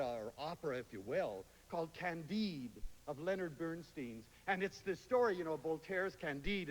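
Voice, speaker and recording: A man giving a lively lecture to an audience, telling stories and slipping into playful voices when he quotes people. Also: sits high. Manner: animated storyteller, quotes others in playful voices. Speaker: public speaker. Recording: hall reverb, faint hiss.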